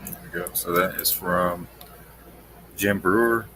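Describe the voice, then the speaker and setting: A male host talking offhandedly while he brings up and pauses clips on a live stream. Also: deep voice, fairly even intonation, pushed and bright, slight background noise. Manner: offhand, talks while working the screen. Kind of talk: casual live-stream commentary.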